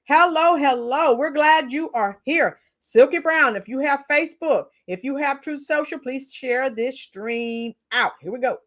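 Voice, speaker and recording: A woman hosting a live stream, mocking her subjects and chatting with viewers in an animated way. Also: high voice, unhurried, hardly any pauses. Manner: mocking, animated, talks to chat. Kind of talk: casual live-stream chat.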